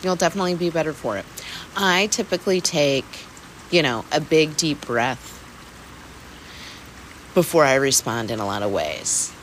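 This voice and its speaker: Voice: medium pitch, lively intonation, normal speed, long pauses, a bit bright, a little hiss or hum, low-quality recording. A person hosting a weekly mindfulness talk, speaking candidly and casually, laughing and swearing now and then. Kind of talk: casual reflective self-help talk. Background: rain.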